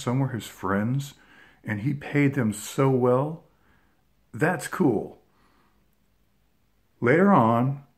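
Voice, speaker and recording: Rambling middle-aged man telling a story. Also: lowish voice. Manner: rambling, lots of fillers and restarts. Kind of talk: casual anecdote.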